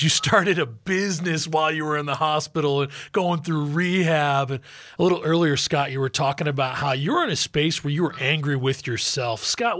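A man hosting a radio interview, asking questions in a measured, conversational way. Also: a little high, fairly bright tone, no echo, studio quality. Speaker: radio show host.

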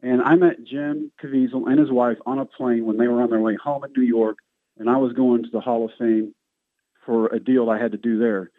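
A middle-aged man, a guest on a radio show, telling stories in a lively, self-mocking way and acting out the voices of the people in them. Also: medium pitch, a little fast, no room sound. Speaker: guest, former baseball player. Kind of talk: storytelling interview. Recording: tinny phone line, dry.

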